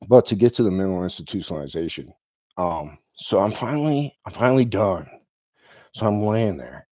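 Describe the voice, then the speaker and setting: Low-voiced rambling man telling a story. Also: animated, normal speed, mellow, no room sound. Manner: rambling, full of "like" and "um", chuckles now and then. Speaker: vlogger. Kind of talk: personal storytelling monologue. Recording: dull lo-fi dry recording.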